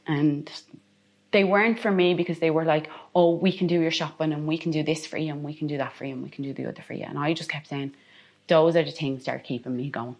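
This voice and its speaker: A woman telling her story as a bereaved mother, earnest and halting, her voice rising with emotion. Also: sits low. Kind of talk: emotional personal account.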